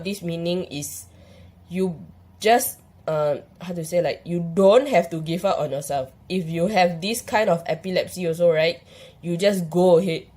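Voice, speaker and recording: A woman's voice: lowish voice, warm tone. A young woman with a Malaysian English accent, talking in a casual, rambling and earnest way as she shares her own story in a vlog. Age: young adult. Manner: rambling and earnest, full of "like" and restarts. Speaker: vlogger sharing her epilepsy experience.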